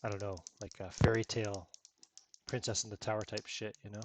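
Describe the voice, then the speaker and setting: A man's voice: fairly low pitch, little pitch movement, fairly quick, background noise. A man running a tabletop role-playing game, narrating in a casual, laid-back way and laughing often. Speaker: game master.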